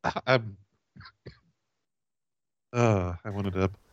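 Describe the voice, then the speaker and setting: A man making deadpan prank calls and chatting casually, halting with fillers as he talks. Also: lowish voice. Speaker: prank-calling co-host. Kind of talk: prank call and casual chat. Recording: dull dry sound.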